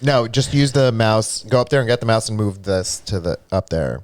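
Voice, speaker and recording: A man co-hosting a live stream, talking in an animated, exclaiming way. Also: fairly low pitch, moderate pace. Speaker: podcast co-host. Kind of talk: casual live-stream chat.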